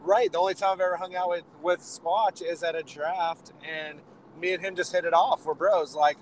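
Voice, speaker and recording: A hoarse man with a raspy, worn-out throat, rambling and joking in relaxed podcast chat. His voice sits a bit high, and a faint hum of car and road noise runs behind him. He keeps it upbeat despite sounding run down. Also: normal speed, poor audio. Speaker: podcast co-host. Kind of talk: casual chat on a phone call from the road. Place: inside a moving car.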